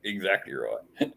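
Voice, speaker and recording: A man's voice: low voice, vocal fry, fairly bright tone. An Australian man hosting a casual live-stream chat, rambling with lots of fillers and frequent laughs. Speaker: host.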